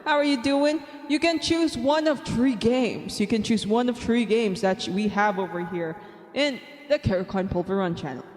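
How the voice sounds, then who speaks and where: A woman's voice: mid-range voice, animated, moderate pace, darkish tone. Bubbly young woman streamer, reverby sound. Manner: bubbly and chatty, counts aloud, giggles often. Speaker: art streamer. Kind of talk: casual live-stream chat. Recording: long reverb, faint background music.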